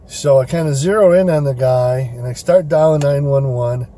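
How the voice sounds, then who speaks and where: A man's voice: medium pitch, moderate pace, dark tone. A man telling a story in a casual, rambling way, with many fillers and restarts, recorded in his car. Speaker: rideshare driver vlogger.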